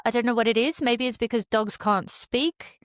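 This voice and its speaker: A woman's voice: a little high, moderate pace, no echo, clean studio sound. A woman hosting a podcast, chatty and thinking aloud in casual conversation. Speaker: podcast host.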